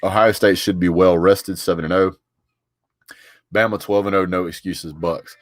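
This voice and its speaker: A man's voice: deep voice, steady tone, normal speed, no echo. A man, a live stream host chatting casually and reacting to viewer comments.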